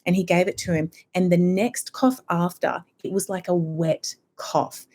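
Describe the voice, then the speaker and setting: A woman's voice: lowish voice, fairly even intonation, a little slow, a little mellow. A woman, a homeopath guest chatting on a podcast and explaining things in an easy, conversational way. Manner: chatty, explanatory, acts out quoted people. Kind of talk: casual podcast interview.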